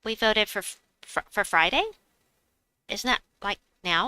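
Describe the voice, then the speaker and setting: A woman's voice: mid-range voice, a little slow, bright, forceful tone, clean tone, no room sound, low-quality recording. A woman streaming a game, chatting casually, reading viewers' messages aloud and laughing often. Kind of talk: casual live-stream chat.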